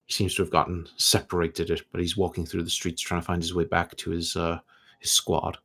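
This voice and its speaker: A man narrating a tabletop game as game master, describing scenes in a relaxed way with many fillers. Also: sits low, fairly quick, husky.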